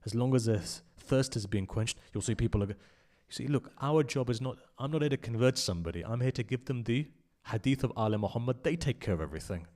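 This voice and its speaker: A man giving an impassioned sermon at a memorial gathering, telling a story and swinging between loud emphasis and hushed asides. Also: medium pitch, fast, few pauses. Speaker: speaker at a memorial majlis.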